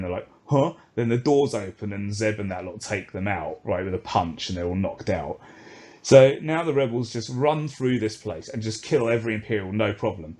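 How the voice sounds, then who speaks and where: A man co-hosting a podcast, recapping an episode in casual chat and acting out the characters' lines as he goes. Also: on the low side. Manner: animated, acts out characters' lines while retelling. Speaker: podcast co-host.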